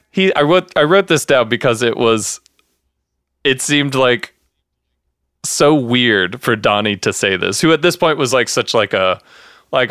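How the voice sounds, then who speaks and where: A man casually recapping a TV episode with a co-host, animated and laughing often as he acts out lines. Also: mid-range voice, clear, resonant tone, no room sound, studio quality. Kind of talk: casual chat.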